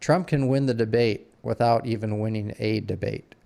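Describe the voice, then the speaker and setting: A man co-hosting a podcast in casual chat, opinionated and deliberate, often restarting his sentences. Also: fairly low pitch, steady tone, vocal fry, warm tone. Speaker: podcast co-host.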